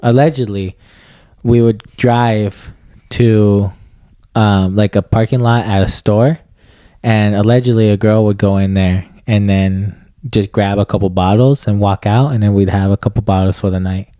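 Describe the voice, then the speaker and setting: Mellow, rambling young man on a podcast. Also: fairly low pitch, steady tone, moderate pace, smooth, dry recording, clean studio sound. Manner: rambling, loose, full of "bro" and "you know what I mean". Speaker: podcast co-host. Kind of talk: casual comedy podcast chat.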